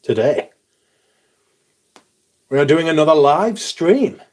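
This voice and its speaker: A man's voice: fairly high pitch, lively intonation, slow pace, a little mellow. A man hosting a livestream, chatting casually with viewers, greeting them by name and swearing freely. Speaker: livestream host.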